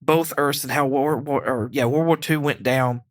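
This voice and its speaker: A man's voice: medium pitch, steady tone, moderate pace, no echo, studio quality. A man co-hosting a podcast, casually recapping a TV episode in a rambling way, with frequent "like" and laughter. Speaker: podcast co-host. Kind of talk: casual chat reviewing a TV episode.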